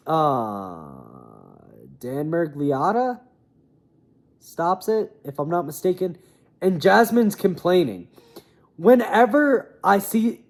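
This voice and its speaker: A young man with a slightly high voice talks through fight results in a loose, opinionated ramble. He often drops off into quiet mumbles at the ends of his thoughts. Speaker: MMA commentator. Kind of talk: casual fight recap.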